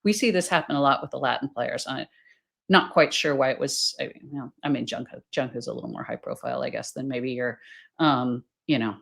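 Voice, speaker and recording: A woman's voice: a bass voice, a little fast, gravelly, a bit bright. A woman reporter as a podcast guest, talking things through with hedges and fillers. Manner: thoughtful, hedging with fillers. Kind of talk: casual podcast chat.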